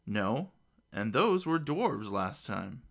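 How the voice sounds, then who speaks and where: A man's voice: on the low side, very animated, takes it slowly, vocal fry, fairly bright tone, exaggerated voice. A man voicing a female gnome knight who answers in a patient, matter-of-fact way. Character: calm woman gnome knight, dry and patient.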